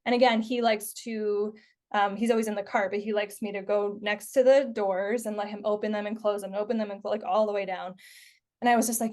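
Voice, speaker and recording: A woman's voice: mid-range voice, steady tone, brisk, a little mellow. A woman in her thirties hosting a podcast, talking casually and filling her speech with "like" and "you know". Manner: chatty, many fillers like "like" and "you know". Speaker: podcast host. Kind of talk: casual conversational podcast chat.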